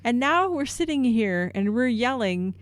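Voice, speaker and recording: Mother, podcast co-host. Animated storyteller, close dry sound. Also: on the high side, a little slow, no room sound. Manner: animated storyteller, acts out her own past shouts. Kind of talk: casual chat.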